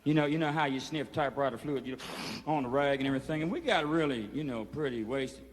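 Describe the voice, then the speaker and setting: A man with a mid-range voice speaks at a quick pace to inmates gathered in a prison hall, drawling through a rambling, profane story and saying "you know" constantly. The echoey hall sound is captured on 1970s film.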